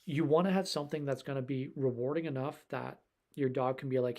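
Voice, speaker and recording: A man's voice: medium pitch, steady tone, fairly quick, darkish tone. A man who works as a dog trainer and behavior specialist, answering viewers' questions in a casual live stream and rambling in a conversational way.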